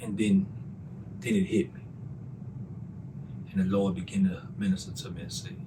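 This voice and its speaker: A man's voice: low-pitched, fairly even intonation, normal speed, pauses often, noisy background. A man with a Southern US accent giving an earnest, emotional personal testimony, repeating himself as he tells his story. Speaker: testimony speaker.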